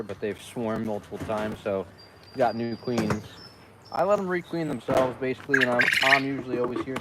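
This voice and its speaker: Chatty beekeeper man talking to his bees. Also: mid-range voice. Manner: chatty, talks to the bees, exclaims often. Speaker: beekeeper vlogger. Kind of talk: casual running commentary. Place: outdoors at beehives. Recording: outdoor noise in background.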